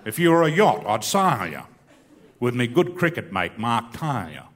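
A middle-aged Australian man with a laconic, self-mocking manner tells a rambling comic story, then launches into rhyming bush verse. His pitch swings widely as he performs. The sound carries a long, reverberant hall tail. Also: very animated, normal speed, a bit bright.

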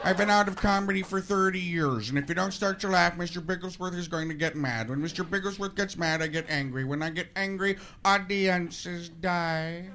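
A man's voice: high voice, normal speed, few pauses. A man doing a pompous, menacing male movie villain in a stand-up act, recorded in a noisy live club with the crowd audible. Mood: mock menace. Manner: mock-menacing, barking catchphrases.

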